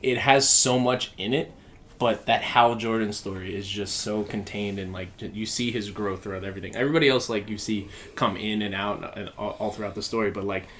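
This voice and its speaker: Male co-host, lowish voice, slight background hiss, hesitant and loose. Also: fairly even intonation, a little fast, fairly bright tone. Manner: loose, hesitant, lots of fillers. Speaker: podcast co-host. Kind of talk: casual chat.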